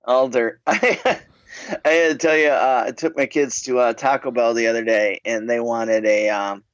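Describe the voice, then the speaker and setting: A man's voice: mid-range voice, a little slow, no room sound, muffled recording. A middle-aged man co-hosting a podcast, telling casual stories and laughing often. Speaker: podcast co-host. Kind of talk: casual storytelling chat.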